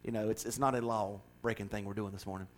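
A middle-aged man preaching a folksy, joking sermon that swells into fervent, loud passages. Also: on the low side, fairly even intonation, quick pace, a little hiss or hum. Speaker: pastor.

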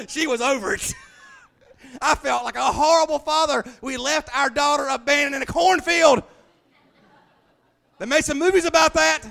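A middle-aged man preaching a sermon, telling folksy stories that swing from hushed to loud. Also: very high voice, gravelly. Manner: folksy storytelling, shifting from hushed to shouting. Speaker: pastor.

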